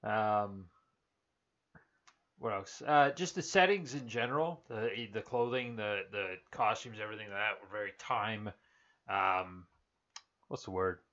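Halting man with lots of restarts. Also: on the low side, a bit bright, dull audio. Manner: halting, restarts sentences, many ums. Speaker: podcast co-host. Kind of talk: casual movie chat.

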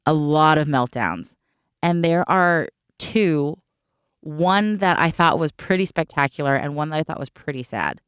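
A woman telling stories in casual chat, animated and quick to act out what people said. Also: low voice, smooth, no room sound, clean studio sound. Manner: animated, acts out quotes, swears.

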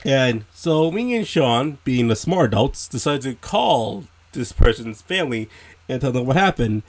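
A young man casually telling a story and acting out quoted voices, animated and swearing. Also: medium pitch, measured pace. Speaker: host answering questions.

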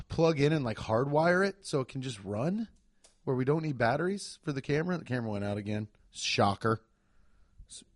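A man co-hosting a casual comedy chat, riffing and swearing, with sudden loud bursts. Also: medium pitch, no room sound. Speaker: podcast co-host.

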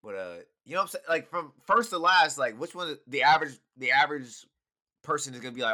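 A young man co-hosting a podcast in casual chat, profane and emphatic when making his point. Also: fairly high pitch. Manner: fast, animated, profane and emphatic. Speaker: podcast co-host.

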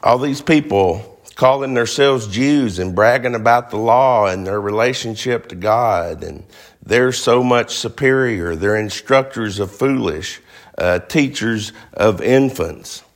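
A man's voice: on the low side, a little slow. A man preaching a sermon, emphatic, firing rhetorical questions at the congregation.

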